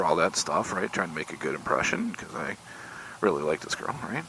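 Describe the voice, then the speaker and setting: An older man in a casual, folksy ride-along vlog, poking fun at himself as he tells a tale. His voice is bright and swings up and down a lot. Faint road noise hums underneath. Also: sits low, brisk, vocal fry, rough recording. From Michigan, USA. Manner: folksy, self-deprecating, animated retelling of dialogue. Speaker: motorcycle vlogger. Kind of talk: casual storytelling while riding. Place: outdoors on a motorcycle on country roads. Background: faint road and vehicle noise.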